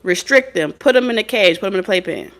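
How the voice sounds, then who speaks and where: A woman's voice: mid-range voice, animated, fast talker, natural voice. A woman voicing an older, worried mother who frets and lectures about discipline. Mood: scolding.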